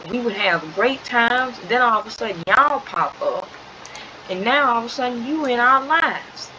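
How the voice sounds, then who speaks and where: Woman putting on a fiery young woman, high-pitched, loud and indignant, noisy recording. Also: close to an everyday voice. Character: fiery young woman confronting her half-sister.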